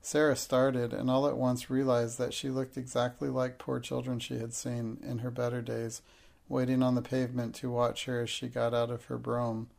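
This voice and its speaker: Gravelly guy reading an audiobook, steady and flat. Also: mid-range voice, moderate pace. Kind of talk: audiobook narration.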